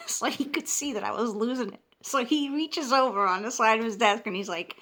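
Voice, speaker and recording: A woman, telling a story casually to her viewers in an animated, emotional way, often restarting her sentences. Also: a little high, a little fast. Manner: animated, emotional, frequent restarts and self-interruptions. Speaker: vlogger.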